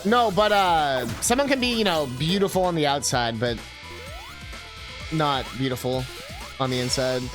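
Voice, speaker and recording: A man's voice: fairly high pitch, moderate pace, long pauses. A male livestreamer chatting casually while playing a game, rambling with lots of fillers and swearing freely. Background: game music.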